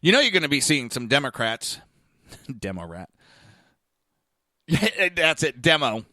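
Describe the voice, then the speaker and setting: A man's voice: medium pitch, big pitch swings, measured pace, pushed and bright, no echo, studio quality. A man hosting a podcast, telling a blunt, profane story in a casual monologue. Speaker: podcast host. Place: lives in Florida.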